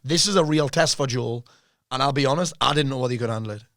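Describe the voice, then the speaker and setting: A man's voice: medium pitch, fast talker, a bit bright, dry recording, clean studio sound. Blunt, laughing male mentor. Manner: blunt, swears freely, laughs often. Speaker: business mentor interviewing a client. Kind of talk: casual interview chat.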